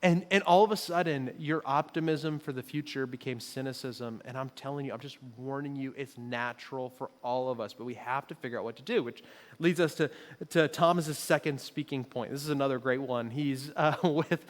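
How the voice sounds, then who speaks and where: A man's voice: mid-range voice, a little fast. A man preaching a conversational sermon in a church auditorium, joking with the congregation and acting out quoted voices. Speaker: pastor. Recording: long reverb of a large hall.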